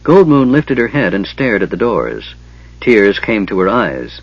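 A man reading an audiobook in measured, storytelling narration, on a slightly dull recording. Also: on the low side, big pitch swings, husky, dry recording. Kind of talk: scripted narration.

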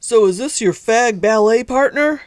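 Woman voicing a middle-aged state trooper, gruff, scornful, overbearing, storybook reading. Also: on the low side, normal speed, a little mellow, dry recording, studio quality, lightly acted. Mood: scornful, growling. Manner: gruff and sneering.

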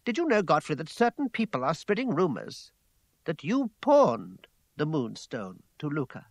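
Brief: man doing a passionate young lady, raised pitch, lively and forceful, dry close read. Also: moderate pace, vocal fry, no room sound, exaggerated voice. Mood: challenging. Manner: higher, louder, emphatic delivery. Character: young woman, passionate and imperious.

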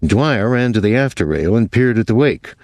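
A man reading a novel aloud in measured, even narration. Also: fairly low pitch, no echo, clean studio sound. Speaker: audiobook narrator. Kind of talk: scripted narration.

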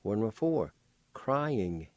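A man with a low, mellow voice leads a radio language lesson in a dry, close sound. He speaks very slowly and deliberately, spelling words out letter by letter and repeating each syllable. He keeps an encouraging tone. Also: sing-song, no room sound.

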